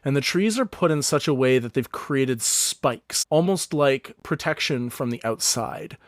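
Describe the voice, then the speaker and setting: A man's voice: mid-range voice, expressive, a little slow, dry recording, studio quality. A man as dungeon master, narrating a tabletop game in a casual, chatty way.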